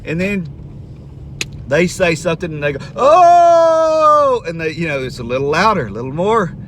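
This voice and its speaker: A man: animated storyteller, noisy car. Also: on the high side, brisk. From Southern United States. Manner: animated, jokey, building to loud exclamations. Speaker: retired school administrator and vlogger. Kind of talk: casual storytelling vlog.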